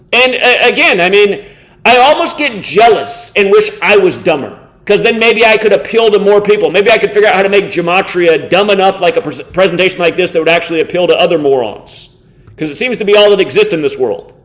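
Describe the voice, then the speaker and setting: High-voiced man in a scornful rant. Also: a bit bright. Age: 30s. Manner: contemptuous, insulting rant with heavy swearing; sarcastic, slows down to mock. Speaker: online video host. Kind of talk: angry reaction commentary.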